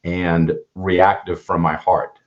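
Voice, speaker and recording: Very deep-voiced earnest man storytelling. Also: flat delivery, slow. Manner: earnest, restarts often, acts out quoted dialogue. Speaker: motivational speaker. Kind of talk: casual storytelling conversation. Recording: dull lo-fi sound.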